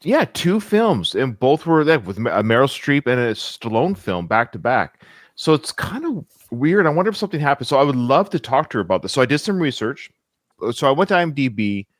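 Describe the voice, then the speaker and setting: A man's voice: medium pitch, very animated, quick pace, no echo, studio quality. A man hosting a casual podcast, chatty and rambling, with frequent filler words. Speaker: podcast host.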